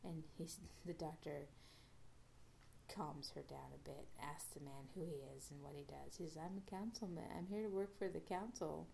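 Low, gravelly-voiced woman recapping casually. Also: moderate pace, mellow, a little hiss or hum. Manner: rambling, many fillers and restarts. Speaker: podcast host.

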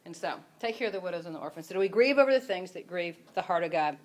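Speaking very fast in a fairly low, lively voice, this woman gives casual, meandering Bible teaching. Her talk is chatty and she keeps interrupting herself, abandoning sentences and beginning them again.

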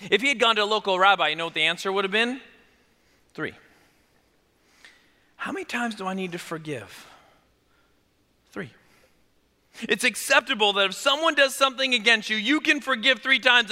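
High-voiced animated man preaching in a hall. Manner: animated, conversational preaching, drops to quiet emphasis. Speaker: pastor. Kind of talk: sermon.

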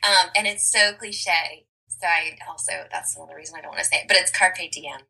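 A woman's voice: lowish voice, fairly quick, vocal fry, bright, forceful tone, poor audio. A woman guesting on a podcast as a travel blogger, cheerful and chatty, laughing often. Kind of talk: casual interview chat.

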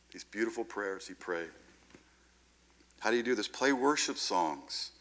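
Deep-voiced guy preaching, chatty and animated, crisp bright edge, keeps saying right?. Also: unhurried. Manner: animated, conversational, often asks "right?". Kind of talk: sermon.

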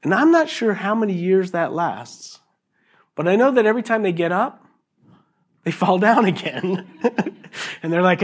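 A middle-aged man preaching a sermon in an animated, jokey way, acting out little voices as he goes. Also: high-pitched, moderate pace, pauses often. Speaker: pastor.

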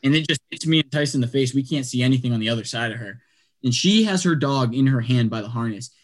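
A man telling a long story in casual chat, animated and acting out what people said, with lots of "like" and quick restarts. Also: mid-range voice. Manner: animated, acts out quotes, lots of "like".

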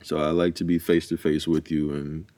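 A young man co-hosting a casual podcast chat, joking and telling animated stories. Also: rumbling low, moderate pace, crowd noise. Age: young adult. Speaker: podcast co-host.

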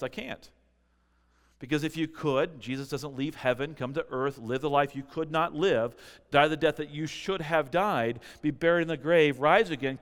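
Preaching man in a reverberant hall. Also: medium pitch. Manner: swings between loud emphatic preaching and quiet intimate asides. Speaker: pastor. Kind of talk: sermon.

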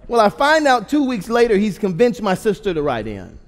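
High-voiced pastor in his thirties. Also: huge pitch swings, fairly quick. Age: 30s. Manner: humorous, engages the audience with questions. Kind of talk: storytelling sermon. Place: church auditorium. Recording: long hall reverb.

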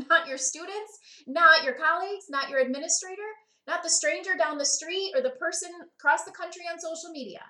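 A podcast host with a high, bright voice, she explains ideas in a lively, conversational teaching talk and keeps checking in with her listeners. The room's echo rings through the recording.

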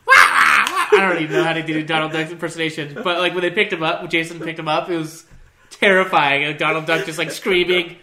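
A young man in casual chat about games, asking questions and reacting in a relaxed way. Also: fairly high pitch, quick pace, a crowd in the background.

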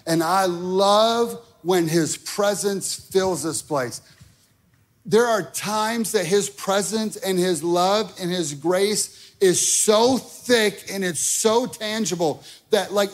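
A man preaching a sermon in a church, talking casually with lots of "like", rising to shouted peaks and dropping to quiet asides. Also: high-pitched. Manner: casual wording with many fillers like "like". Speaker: pastor. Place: church sanctuary.

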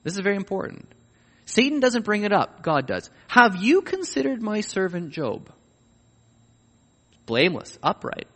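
Emphatic preacher, high lively voice, reverberant hall. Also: male voice. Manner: emphatic, swings from loud rising pleas to low quiet endings. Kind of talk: sermon. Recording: long reverb of a large hall.

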